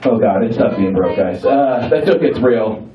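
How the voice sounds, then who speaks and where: A man's voice: fairly low pitch, expressive, moderate pace, far from the mic. A young man doing a stand-up comedy set in a club, playful and teasing with the crowd, swearing freely. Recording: roomy club sound from afar, dull. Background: audience laughter.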